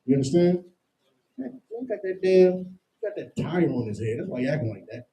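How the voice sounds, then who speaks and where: A man's voice: a little high, lively intonation, moderate pace, mellow, low-quality recording. A man teaching a Bible lesson in plain street talk, emphatic and constantly checking in with "you understand?". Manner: explains with everyday comparisons and slang. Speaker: scripture teacher.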